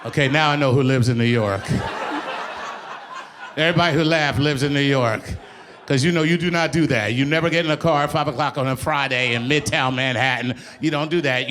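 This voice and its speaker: A man doing a stand-up comedy set on stage, telling a story in an animated, profane, exasperated way. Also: on the high side. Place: on stage before a live audience.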